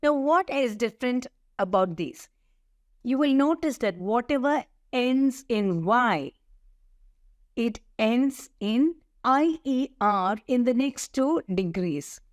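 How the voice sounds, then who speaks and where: A middle-aged woman teaching an English grammar lesson, slowly listing words and spelling out letters. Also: a little high, lively intonation, no room sound, studio quality. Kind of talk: slow, deliberate grammar lesson.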